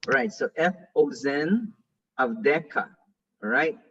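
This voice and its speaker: A man's voice: fairly high pitch, lively intonation, takes it slowly, a bit bright, a little hiss or hum. A man, a pastor, teaching a Hebrew reading class and patiently drilling pronunciation with repeated examples, heard on a distant, dull classroom recording. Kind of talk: classroom lesson.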